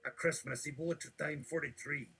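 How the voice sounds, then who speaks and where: A man reading absurd text aloud in a deadpan, mock-preachy delivery, with a gravelly voice. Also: on the high side, fairly quick, rough recording.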